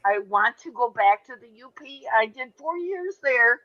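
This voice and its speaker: A woman's voice: a little high, animated, moderate pace, pushed and bright. A woman from Michigan chatting casually on a panel show, rambling and jokey, with the odd swear. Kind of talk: casual chat. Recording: muffled lo-fi audio.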